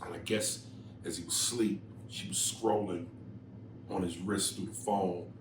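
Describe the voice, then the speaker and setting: Co-hosting a casual podcast, a man reads listener emails and riffs on them at an unhurried pace. He's profane and animated, his voice jumping loud and high when he makes a point. The recording has a roomy echo and faint noise.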